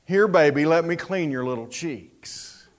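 A preacher doing a cooing, tender churchgoer. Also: male voice, fairly high pitch, unhurried, natural voice. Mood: soothing. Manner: cooing, gentle. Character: tender churchgoer soothing a messy toddler.

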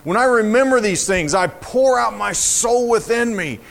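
A man preaching a sermon, reading scripture aloud in a slow, fervent way that rises to emotional emphasis. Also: sits high, lively intonation, creaky, a bit bright.

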